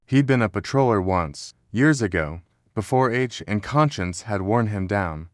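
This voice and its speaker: A man narrates a historical story in a steady, measured voice that sits low for a man. The sound is dry and close, with no room around it. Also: no echo. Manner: steady, measured storytelling with quoted dialogue read in the same voice.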